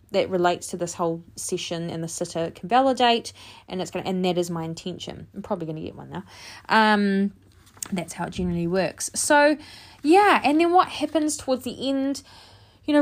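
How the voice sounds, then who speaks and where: A woman who works as a medium, chatting casually to her listeners about a reading, with many fillers and lively quoted exchanges. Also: on the high side. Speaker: medium, podcast host.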